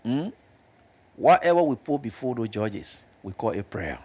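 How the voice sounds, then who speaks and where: A man's voice: moderate pace, breathy edge. A man with a Liberian English accent, speaking emphatically as a panelist on a political talk show. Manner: emphatic, animated, jumps up in pitch to press points.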